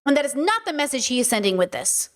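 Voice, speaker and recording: Woman host, livestream commentary, fairly high voice, heated and profane delivery. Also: very animated, quick pace. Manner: blunt, swears, rants heatedly; answers chat questions aloud. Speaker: streamer and podcast host.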